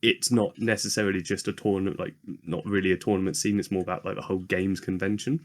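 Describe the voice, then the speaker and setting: A man co-hosting a podcast, talking casually with many pauses and fillers. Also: low-pitched, steady tone. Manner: hesitant, lots of ums and likes. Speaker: podcast co-host. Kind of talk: casual chat.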